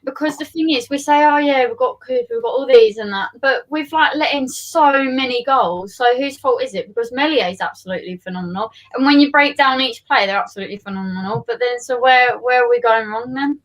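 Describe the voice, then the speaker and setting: A woman's voice: fairly high pitch, brisk, hardly any pauses, low-quality recording. Giggly woman in football chat. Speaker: panelist.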